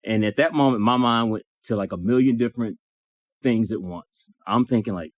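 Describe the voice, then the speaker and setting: A man in a support circle telling an emotional personal story, acting out the dialogue in lively bursts and swearing now and then. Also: mid-range voice, a little fast, no echo, studio quality. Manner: animated, acts out dialogue, swears.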